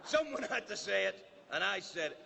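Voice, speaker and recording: Scottish man doing lively stand-up. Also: high voice, creaky, noisy background. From Scotland. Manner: brisk, teasing, mock-indignant delivery. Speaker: comedian headlining a formal dinner. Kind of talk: stand-up monologue. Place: large banquet hall. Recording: long reverb of a large banquet hall.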